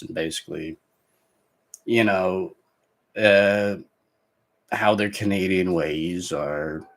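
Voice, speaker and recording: Low husky-voiced man rambling. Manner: halting, full of fillers and restarts. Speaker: vlog host reacting to clips. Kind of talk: rambling casual commentary.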